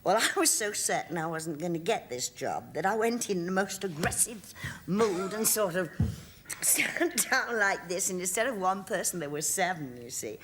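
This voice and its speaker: A woman's voice: fairly low pitch, lively intonation, moderate pace, fairly bright tone, slight background noise. A woman in her sixties, a guest on a TV talk show, telling stories in a chatty way and laughing often. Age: 60s. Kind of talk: casual chat. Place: TV studio.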